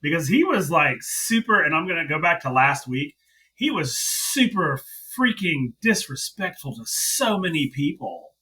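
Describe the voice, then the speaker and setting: A man co-hosting a podcast in casual chat, animated and exasperated, often leaping into high-pitched mock quotes. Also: measured pace, slightly rough, rough recording. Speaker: podcast co-host. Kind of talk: casual wrestling recap chat.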